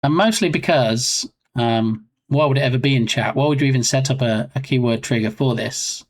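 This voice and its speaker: A man's voice: medium pitch, normal speed. A man chatting casually on a live game development stream, rambling and self-mocking.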